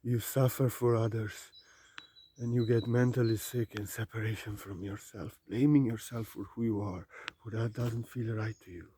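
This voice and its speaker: A man's voice: lowish voice, fairly even intonation, moderate pace, a little hiss or hum. Emphatic, repetitive male spiritual teacher. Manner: emphatic and repetitive, swinging between loud urging and quiet musing. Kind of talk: unscripted spiritual talk to camera.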